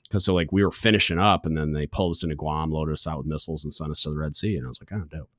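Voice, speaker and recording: A man's voice: a bass voice, racing, dry recording, studio quality. A man in his thirties, a podcast host, telling a story in casual chat and acting out the voices of others. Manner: animated, acts out quoted voices.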